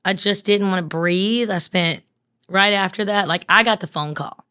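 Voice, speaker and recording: A woman's voice: mid-range voice, normal speed, bright, forceful tone, smooth. A woman, a guest telling an emotional personal story in an earnest, plainspoken way with casual swearing. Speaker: guest, business owner.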